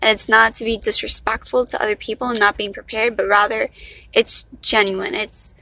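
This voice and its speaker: Bright, chatty Miami woman with a valley-girl lilt. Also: medium pitch, flat delivery, normal speed, gravelly, no room sound, low-quality recording. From Miami, Florida. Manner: chatty, self-mocking, loose. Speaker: vlogger. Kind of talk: casual unscripted rambling.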